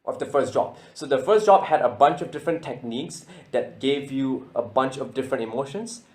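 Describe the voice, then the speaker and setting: A man casually explaining how he built his beatbox routine, excited, often stuttering and repeating words. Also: mid-range voice, a little fast. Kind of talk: casual spoken breakdown.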